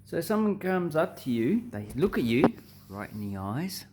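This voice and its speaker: An Australian man chats to camera in a loose, comic way, his voice swinging up and down with a lot of energy. He pitches a little higher than most men. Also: normal speed, noisy background. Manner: animated, joking, crude. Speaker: vlogger. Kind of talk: casual comedic explainer.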